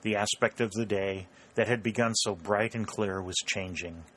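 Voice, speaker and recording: A man narrates a historical novel in a steady, measured way. His voice sits on the low side and moves at an unhurried, even pace. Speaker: audiobook narrator.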